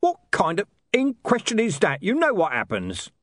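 A man putting on a crude, blunt thug who swears in nearly every sentence. The voice sits higher and louder than the reader's narration and swings around a lot. The sound is dry and close. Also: wildly swooping pitch, normal speed, no echo, heavily acted.

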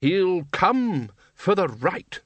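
A gruff, blustering old archwizard , played by a man, who talks bluntly and bosses others about. His voice sits higher than the reader's own, and the recording is dry and close. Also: very animated, very slow, fairly bright tone, no echo, full character voice. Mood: confident. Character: blustering older male archchancellor wizard.

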